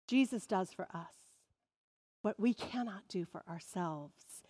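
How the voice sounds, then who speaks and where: A woman pastor preaches at a mid pitch, measured and steady, lifting into emphatic swells on key phrases. Her voice carries through a large space with a long reverb tail. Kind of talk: sermon.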